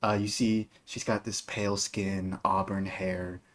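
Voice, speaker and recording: A man's voice: deep voice, measured pace. Casual man running a tabletop game. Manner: casual, lively with filler words. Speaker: game master.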